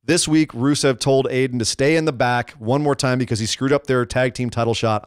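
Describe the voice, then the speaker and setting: A man co-hosting a casual wrestling podcast, talking excitably and rambling with frequent restarts. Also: medium pitch, a little fast, few pauses, smooth, dry recording, studio quality. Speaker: podcast co-host.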